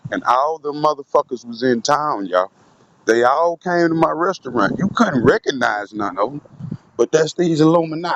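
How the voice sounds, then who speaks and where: A man giving a profane, conspiratorial monologue to his viewers, recorded on a handheld phone in a public spot. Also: a little high. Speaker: vlogger. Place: public spot, moved somewhere quieter. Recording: dull lo-fi phone audio with faint noise.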